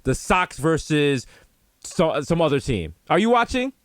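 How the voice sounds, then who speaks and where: A man co-hosting a podcast from home, trading casual comedic banter and acting out quoted voices with an animated delivery. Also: on the high side, measured pace, dry recording, clean studio sound. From the Bronx, New York. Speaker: podcast co-host.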